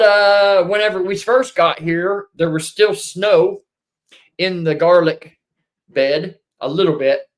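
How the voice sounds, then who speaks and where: A man chatting casually with viewers on a livestream, rambling and swinging into animated bursts, feeling under the weather. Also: fairly high pitch. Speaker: livestream co-host.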